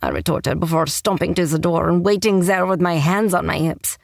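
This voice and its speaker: A woman's voice: fairly low pitch, moderate pace, vocal fry, no room sound. A woman narrating a first-person romance audiobook with a wry, sarcastic tone, on a close mic.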